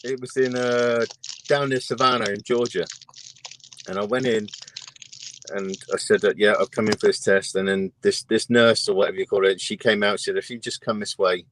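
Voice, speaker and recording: A man's voice: lowish voice, steady tone, moderate pace, fairly bright tone, a little hiss or hum. A British man, a guest trucker, chatting casually and often laughing through his stories. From Britain. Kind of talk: casual chat.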